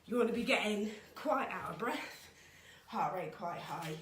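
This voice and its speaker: A woman coaches a home workout at an unhurried pace, counting reps aloud between exercises. She sounds out of breath as she exercises along. Her voice carries the echo of a bare room at home. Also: mid-range voice, lively intonation, a bit bright, slight background noise. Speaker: fitness instructor.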